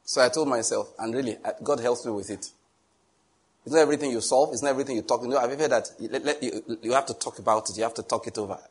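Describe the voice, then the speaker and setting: Husky and medium in pitch, a middle-aged pastor moves at a quick pace through his sermon. He's a teasing, jovial storyteller who chuckles a lot and makes animated asides.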